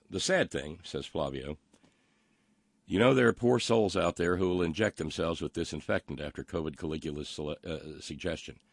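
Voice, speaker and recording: This political talk show host has a low-pitched voice with vocal fry, captured in clean studio quality with no room sound. He sarcastically mocks the news and reads listener comments, his delivery halting and packed with ums and uhs.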